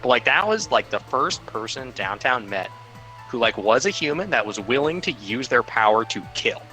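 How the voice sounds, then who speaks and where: A man's voice: mid-range voice, sing-song, moderate pace, sharp tone, soft background music, rough recording. A young man talking through a game on a livestream in a rambling way, full of fillers. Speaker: game player. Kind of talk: casual livestream chat.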